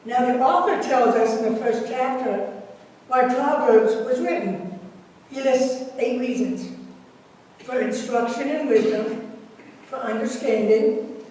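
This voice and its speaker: Woman preacher, fairly high voice, unhurried sermon, distant mic in a reverberant sanctuary. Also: a little mellow. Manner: slow, deliberate delivery with measured pauses. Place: church sanctuary. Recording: echoey church hall from far off, faint hiss.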